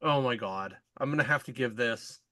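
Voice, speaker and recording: A man hosting a comics podcast in casual chat, retelling a story excitedly with lots of fillers and laughter. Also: mid-range voice, normal speed, dry recording.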